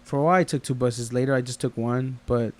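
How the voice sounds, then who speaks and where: Co-hosting a laid-back podcast, this man speaks quickly at a medium pitch with fairly even intonation. His stories ramble on at length, and he performs the voices of the characters he quotes.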